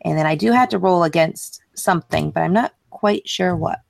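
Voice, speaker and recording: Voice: mid-range voice, normal speed, creaky, noisy background. A player in a tabletop game, talking hesitantly through rolls and actions. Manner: hesitant, rules-focused talk.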